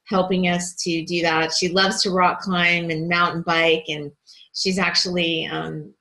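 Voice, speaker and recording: A woman's voice: fairly low pitch, little pitch movement, a little slow, bright, forceful tone, rough recording. Chatty woman host with many fillers. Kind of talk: casual online group chat.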